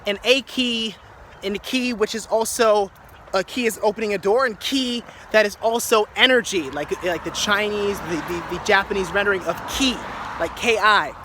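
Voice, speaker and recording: A man's voice: high voice, moderate pace, background noise. A man musing aloud in a loose, improvised reflection, playing with words and often restarting his phrases. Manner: wordplay-driven musing with restarts and repetition. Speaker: speaker sharing reflections.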